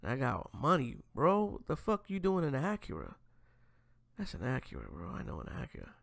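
Gravelly, animated man hosting a commentary show. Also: medium pitch, normal speed, no echo, clean studio sound. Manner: slangy, profane, talks straight to viewers. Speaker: host. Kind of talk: casual commentary reacting to clips.

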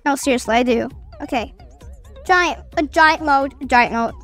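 A young woman chatting excitably and mocking herself while commentating a game. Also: sits high, normal speed, faint music behind. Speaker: gaming streamer. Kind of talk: casual gameplay commentary.

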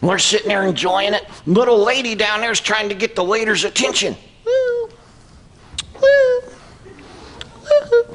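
A man's voice: high voice, fast talker, hardly any pauses, bright, forceful tone. A man voicing a brash, cheeky redneck puppet who hollers and whoops, with a Southern US accent. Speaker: ventriloquist's dummy. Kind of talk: stand-up ventriloquist act. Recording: noisy comedy club.

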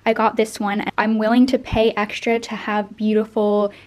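Young woman casually vlogging at home, chatty and excited about her haul. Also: medium pitch, normal speed. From Canada. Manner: chatty, gushing over purchases. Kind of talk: casual vlog chat.

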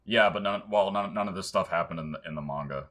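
A man's voice: deep voice, fast, a bit bright. A man co-hosting a podcast in casual chat, giving brief, laid-back replies. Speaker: podcast co-host.

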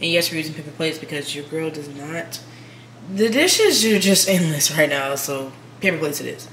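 A young woman in her twenties chats easily to her followers in a fairly low, relaxed voice. The sound bounces around a hard-walled room, with a steady bed of household noise behind her. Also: moderate pace. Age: 20s. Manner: relaxed, chatty, addresses viewers as "y'all". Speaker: vlogger. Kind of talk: casual vlog chat. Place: home kitchen and living room. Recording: echoey room with background noise.

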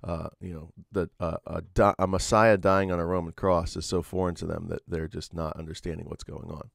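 A man's voice: low-pitched, level tone, brisk, creaky, no echo, studio quality. A man preaching a sermon, earnest and explanatory, often restarting his sentences with fillers. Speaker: pastor.

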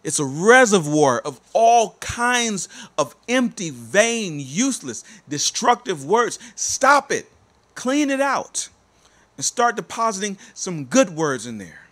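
A man's voice: high voice, sing-song, a little slow, hardly any pauses, a bit bright. A male life coach giving a motivational, sermon-like talk, emphatic and repetitive as he urges listeners on. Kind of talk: motivational preaching.

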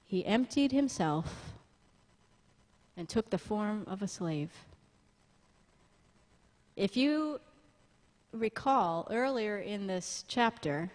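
A woman pastor preaching a sermon in a church, lively and humorous, with asides to the congregation. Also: medium pitch, takes it slowly, long pauses, big-room sound. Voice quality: blind, jokes about herself.

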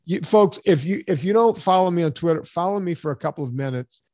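A man hosting a podcast, telling stories in an animated, sarcastic way during casual chat. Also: sits high, fast talker, no room sound, clean studio sound. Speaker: podcast host.

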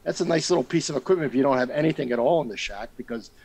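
Fast-talking man with joking asides. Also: mid-range voice, a little mellow, breathy edge, rough recording. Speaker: club member. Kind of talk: casual chat at a club meeting.

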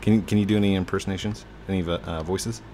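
A man's voice: low-pitched, steady tone, fast, dark tone, slight background noise. A man hosting a gameplay video, chatting casually while he plays, teasing his guest and laughing often. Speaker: gaming video host.

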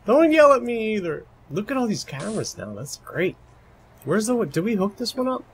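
A man's voice: sits high, very animated, a little fast, a little hiss or hum. A man doing live gameplay commentary at home, chatty and muttering to himself, now and then bursting into playful shrieks. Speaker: video game live streamer. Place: home room, roommate asleep nearby.

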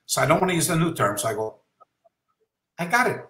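Animated man telling a story, bright voice. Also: a little high, brisk, reverberant, low-quality recording. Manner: animated, acts out remembered dialogue; drops Japanese terms into speech. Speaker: karate master. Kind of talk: anecdotal storytelling.

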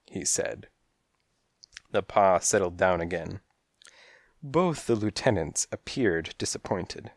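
A man's voice: low-pitched, lively intonation, slow pace, vocal fry, long pauses, dry recording. A man narrating a comic detective story in the first person, wry and rhythmic, on a close mic. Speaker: audiobook narrator.

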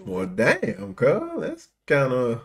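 A man hosting a movie reaction, excitable and full of slang, laughing along. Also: mid-range voice, slow pace. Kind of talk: casual reaction commentary.

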